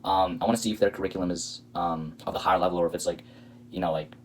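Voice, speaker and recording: A man's voice: deep voice, fairly even intonation, rapid-fire, slight background noise, low-quality recording. A man hosting a reaction video, talking casually with sarcastic, indignant, rambling commentary.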